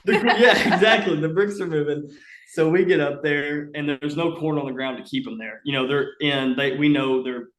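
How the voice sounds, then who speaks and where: A man's voice: on the high side, moderate pace, hardly any pauses, fairly bright tone. A young man, a guest on a podcast, telling a long hunting story casually and animatedly, with many fillers. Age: young adult. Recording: roomy echo.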